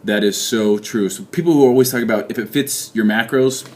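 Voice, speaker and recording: A man's voice: lowish voice, a little fast. A young man talking casually in a video diary, joking and poking fun at himself as he rambles. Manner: joking, rambling, self-mocking. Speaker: fitness vlogger. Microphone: handheld camera.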